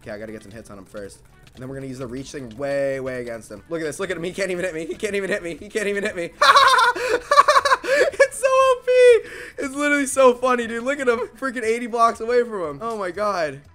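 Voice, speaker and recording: A young man giving frantic, swearing gameplay commentary as a gaming video creator, swinging between mumbling and yelling. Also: a little high, rapid-fire.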